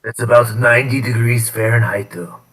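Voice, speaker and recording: A man appearing as a guest on a casual stream, who jokes in a deadpan, trolling way and stops often to say uh. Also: medium pitch, far from the mic, rough recording. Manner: deadpan, trolling, halting with many uhs. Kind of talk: casual live-stream banter.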